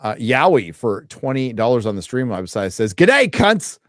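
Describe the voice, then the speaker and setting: A man's voice: on the low side, moderate pace, no room sound. Brief: male stream host, casual and profane, reads donation messages aloud, dry close sound. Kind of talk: casual live stream chat.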